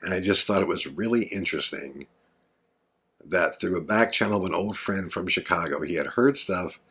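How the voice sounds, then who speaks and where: Here a man hosts a podcast and tells a story conversationally, earnest and rambling with lots of fillers. His low voice is pushed and bright, slightly rough, at a normal speed; it's a casual storytelling monologue.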